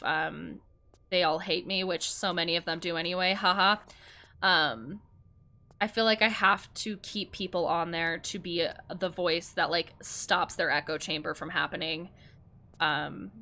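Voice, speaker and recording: Young woman streamer, heated swearing rant, bright forceful tone, casual chat. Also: mid-range voice. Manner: heated, swearing, quick to anger. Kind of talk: casual ranting chat while gaming.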